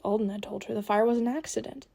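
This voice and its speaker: A woman's voice: on the high side, fairly even intonation, fast, vocal fry, dark tone, breathy edge. A woman narrating an audiobook, reading expressively and giving the characters their own voices.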